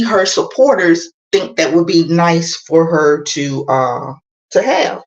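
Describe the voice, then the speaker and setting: Slow, lively-voiced woman in an echoey room. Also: fairly low pitch. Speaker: caller joining a livestream. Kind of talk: casual chat.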